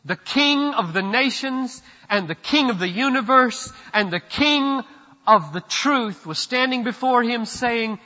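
A pastor preaching a sermon with emphatic declarations and sudden drops into low, quiet asides. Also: male voice, animated, unhurried, in a large hall, dull audio.

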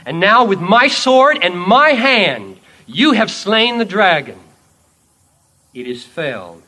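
A man voicing a sovereign king who speaks in a calm, commanding, measured way. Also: high-pitched, voice pushed up, full character voice. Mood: assuring.

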